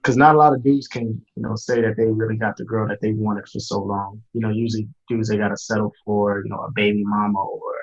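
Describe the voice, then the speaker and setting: A man's voice: lowish voice, little pitch movement, quick pace, hardly any pauses, husky, dull audio. A young man talking earnestly in a casual podcast chat. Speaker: podcast guest.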